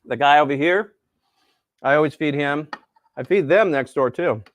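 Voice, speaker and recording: A man's voice: a little high, moderate pace, dry recording. A man chatting casually on a live cooking stream, enthusiastic and a bit tired from staying up late. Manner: enthusiastic, chatty, storytelling with voices.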